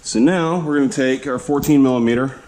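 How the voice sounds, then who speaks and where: A man's voice: mid-range voice, darkish tone, slight background noise. A man talking casually through a car suspension install as he works, a little out of breath, with the camera on his head in a garage. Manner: unhurried, talks himself through each step. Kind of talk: casual how-to narration while working. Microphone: head-mounted camera.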